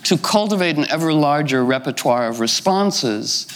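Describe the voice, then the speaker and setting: Middle-aged man, storyteller, fairy-tale retelling, rambling asides, slightly high voice. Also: animated, moderate pace, poor audio. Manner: rambling, digressive, many "you know" fillers.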